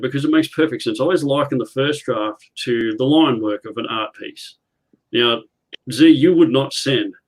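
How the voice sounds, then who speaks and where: Man in a writers' panel, earnest explainer, mid-pitched voice, video call. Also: poor audio. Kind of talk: casual video call chat.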